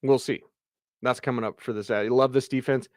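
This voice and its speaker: Chatty, excitable sports radio host. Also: male voice, mid-range voice, no echo, clean studio sound. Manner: excitable, chatty, fast bursts. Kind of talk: live postgame show reading viewer comments.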